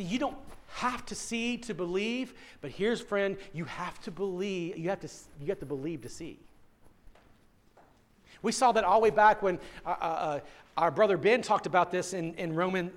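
Male pastor, high-pitched voice, earnest sermon delivery addressed straight to the congregation. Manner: earnest, direct address to listeners, repeats words when starting phrases.

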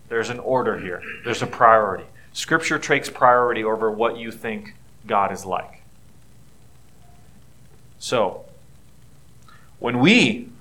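Bright-voiced man preaching earnestly. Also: medium pitch. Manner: earnest, conversational preaching with rising emphasis. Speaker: pastor. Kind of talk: sermon.

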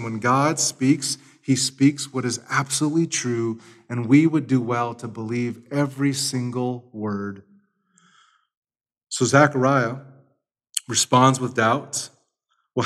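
A man's voice: medium pitch, fairly even intonation, a little slow, a bit bright. A man preaching a sermon, explaining scripture and telling stories with acted-out voices. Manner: storytelling, acts out voices in anecdotes. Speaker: pastor.

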